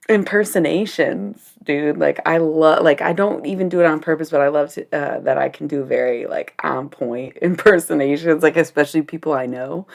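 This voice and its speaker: Low gravelly young woman streamer. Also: normal speed, few pauses. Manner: rambling, giggly, swears freely. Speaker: livestreamer reading tarot-style cards. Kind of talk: casual livestream chat.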